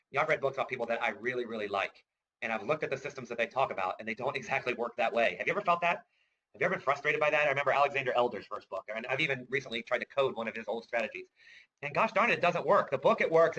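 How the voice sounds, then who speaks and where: A man's voice: medium pitch, pushed and bright, muffled recording, a little hiss or hum. A middle-aged man giving a webinar as a trading course instructor, chatty and enthusiastic, often asking "right?" and chuckling. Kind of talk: webinar presentation.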